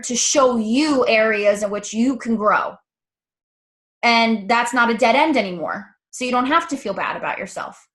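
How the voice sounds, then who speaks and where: A woman with a fairly high voice talks like a coach in a loose, casual motivational chat. She is candid and chatty and swears now and then in an easy way. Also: fairly bright tone.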